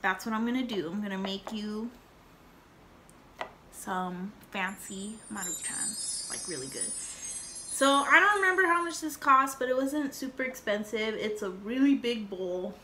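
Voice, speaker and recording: A woman's voice: mid-range voice, lively intonation, measured pace, bright, forceful tone, a little hiss or hum. A young woman telling a rambling story and chatting in a casual home vlog, with lots of fillers and acted-out quotes. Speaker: vlogger.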